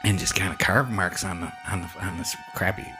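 A man hosting a podcast, telling a story in animated, casual fashion with frequent swearing. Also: low-pitched, fairly quick, music in the background. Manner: animated, swears freely, hushes for quoted whispers. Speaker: podcast host.

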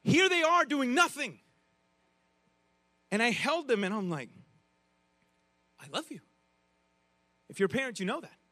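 A man preaching a sermon in a conversational, animated way, with frequent restarts and asides to the congregation. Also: very high voice, normal speed, long pauses, no echo. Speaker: pastor.

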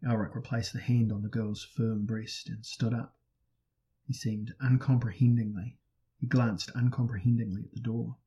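A man reading a fantasy audiobook in a steady, dramatic narration. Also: mid-range voice, moderate pace, low-quality recording.

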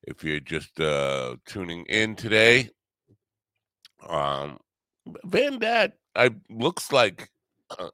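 A man's voice: on the low side, wildly swooping pitch, drawn-out words, long pauses, pushed and bright, dry recording, studio quality. A tired man, rambling through a wisecracking, sarcastic solo podcast monologue as its host. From New York.

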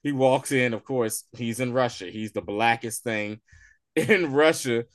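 Animated man retelling a TV episode. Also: medium pitch, measured pace, no echo, studio quality. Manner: animated, slangy retelling full of "she was like"; laughs often while talking. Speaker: TV show reviewer. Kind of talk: casual spoiler-review chat.

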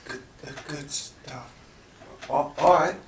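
A man voicing a towering, jittery male beer smuggler who talks in anxious, hushed whispers. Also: a little high, slow. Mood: nervous. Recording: roomy distant mic with noise.

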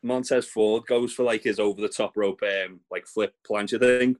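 A man's voice: on the low side, fairly even intonation, moderate pace. Sweary man recapping wrestling. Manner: sweary, rambling recap with fillers. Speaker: podcast co-host.

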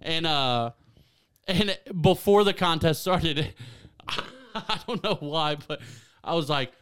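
A young man from Ohio co-hosting a podcast, chatting casually and excitably, laughing often and saying dude and man a lot. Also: on the high side, slow pace, smooth. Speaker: podcast co-host. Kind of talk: casual chat.

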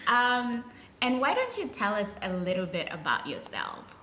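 A woman's voice: medium pitch, huge pitch swings, a little slow, pushed and bright. A woman hosting a podcast interview, upbeat and enthusiastic, asking friendly questions. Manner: enthusiastic, lots of "awesome". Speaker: podcast host. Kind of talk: casual interview. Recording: roomy echo, faint noise.

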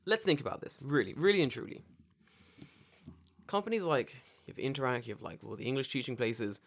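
A man's voice: medium pitch, expressive, a little fast, creaky, slightly rough. A man co-hosting a casual podcast, joking, swearing a lot and acting out little scenes. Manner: joking, swearing, acts out voices. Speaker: podcast co-host. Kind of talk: casual chat.

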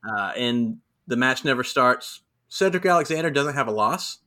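Man, podcast co-host, bright tone, casual chatty recap, storytelling. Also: mid-range voice, lively intonation, normal speed. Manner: chatty storytelling, quotes people in voices. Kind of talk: casual wrestling recap chat.

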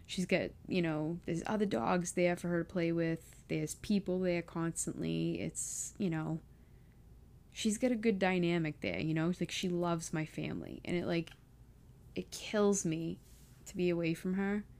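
A woman's voice: fairly low pitch, steady tone, measured pace, creaky, a little mellow. A young woman vlogging casually about leaving home, emotional and close to tears, with many fillers. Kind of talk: casual personal vlog.

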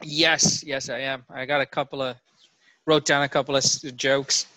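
A man's voice: medium pitch, little pitch movement, normal speed, sharp tone, no room sound. A man who does stand-up comedy, telling an angry story in casual podcast banter.

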